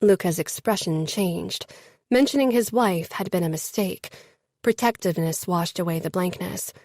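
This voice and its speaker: A woman's voice: on the low side, normal speed, a little mellow, dry recording, clean studio sound. A woman reading a first-person romance novel as an audiobook narrator, lifting her voice slightly for the characters.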